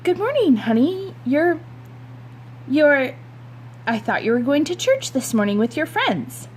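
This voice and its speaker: A woman reading aloud voices a determined suburban mother who gives brisk, commanding orders. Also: high-pitched, big pitch swings, slight background noise, voice pushed up. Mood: flustered.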